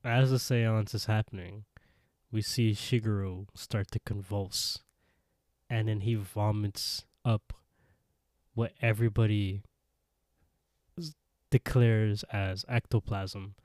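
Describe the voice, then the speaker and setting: A man's voice: lowish voice, takes it slowly, pauses often, no room sound, clean studio sound. A man co-hosting a podcast, casually retelling an episode and acting out the characters' lines. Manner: animated retelling with quoted voices. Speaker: podcast co-host.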